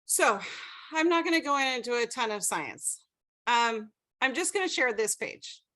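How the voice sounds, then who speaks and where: A woman's voice: on the high side, sing-song, a little slow, sharp tone. A woman teaching a class over a video call, telling a story with animation and checking in with the group. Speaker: class instructor.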